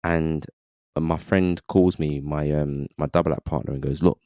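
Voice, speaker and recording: A man, a podcast guest telling his story in animated casual talk, often saying "you know what I mean". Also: rumbling low, unhurried, clear, resonant tone, no room sound, clean studio sound. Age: 30s.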